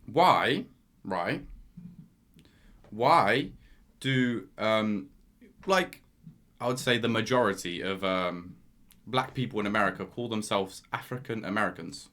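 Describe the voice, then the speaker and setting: A young man co-hosting a casual podcast chat, talking in animated, emphatic bursts and cutting in on his partner. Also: lowish voice, takes it slowly. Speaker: podcast co-host.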